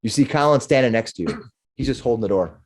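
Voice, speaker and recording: A man's voice: mid-range voice, animated, fast talker. A man narrating as game master of a tabletop game, rambling with frequent restarts.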